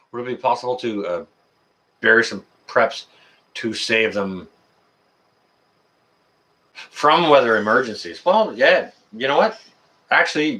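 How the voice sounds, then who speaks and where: Animated man chatting on a livestream. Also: mid-range voice. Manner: rambling, excitable, jokey. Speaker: livestream host answering chat. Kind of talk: casual live chat.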